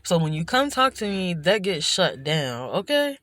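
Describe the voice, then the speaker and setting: A woman's voice: lowish voice, very animated, moderate pace, fairly bright tone, dry recording. A woman vlogger talking through her feelings in a rambling, introspective way, full of restarts and "you know", recorded indoors at night. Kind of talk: reflective personal vlog monologue.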